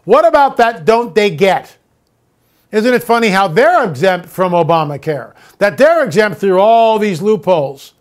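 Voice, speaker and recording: A man's voice: sits high, lively intonation, measured pace. A man hosting his own show, delivering an exasperated, ranting monologue and then telling a story. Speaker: show host. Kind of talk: opinionated monologue.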